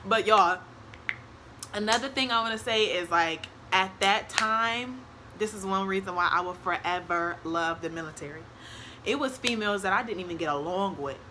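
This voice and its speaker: A young woman tells a casual storytime, animated, acting out quotes and laughing often. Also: mid-range voice, normal speed, noisy background. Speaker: vlogger.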